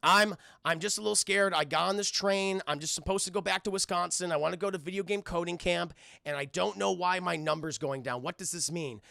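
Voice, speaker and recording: A man voicing a scared young girl who talks in a rushed, pleading, panicky way. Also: high-pitched, gravelly, pushed and bright, no echo, clean studio sound, exaggerated voice. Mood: anxious.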